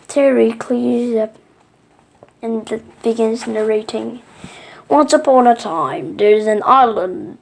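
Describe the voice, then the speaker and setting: A woman reading a children's book aloud, slow and halting, with small slips. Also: on the high side, gravelly. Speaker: reader.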